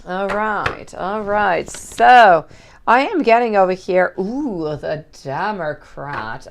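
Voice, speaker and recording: A woman's voice: on the low side, creaky, a little hiss or hum. A woman giving a chatty, affectionate livestream tarot reading and calling viewers sweetie. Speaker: tarot reader.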